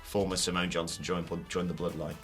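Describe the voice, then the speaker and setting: A man's voice: low-pitched, little pitch movement, fairly quick, music in the background. A man hosting a wrestling news show, chatting casually and joking, with plenty of fillers. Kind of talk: casual podcast chat.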